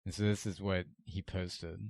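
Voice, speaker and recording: A man's voice: deep voice, level tone, normal speed, a little mellow, dry recording, clean studio sound. A young man co-hosting a casual podcast, swearing often and laughing as he mocks people. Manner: profane, laughing, mocking. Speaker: podcast co-host.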